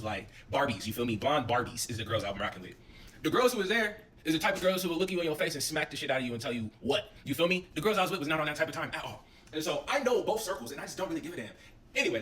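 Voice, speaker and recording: A young man casually telling a story, animated and full of slang and swearing. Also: medium pitch, far from the mic, a little hiss or hum.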